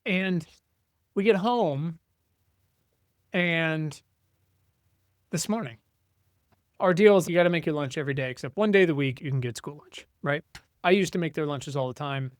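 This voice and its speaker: A middle-aged man in casual podcast chat, ranting and swearing as he mimics his family. His voice sits a bit high, and the sound is dry and close. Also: normal speed, pauses often, no room sound. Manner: ranting, profane, acts out family members' voices. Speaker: podcast co-host.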